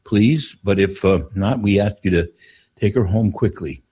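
An older man, a priest, telling stories on a call-in talk show in an unhurried way, with frequent restarts. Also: on the low side, dark tone, husky.

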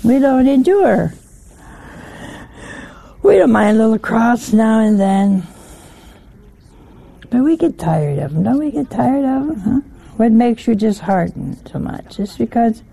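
Older woman, sermon, folksy, rhetorical questions, slow, gravelly. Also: medium pitch, expressive, mellow. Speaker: religious teacher.

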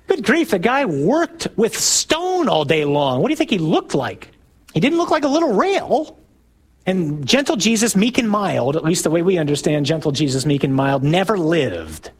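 A middle-aged priest with a slightly high, husky voice gives a talk to his parishioners. He speaks conversationally and throws questions at the room, then pushes into loud, emphatic bursts on his main points. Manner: conversational, asks the audience questions. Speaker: Catholic priest. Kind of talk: talk to a parish men's group.

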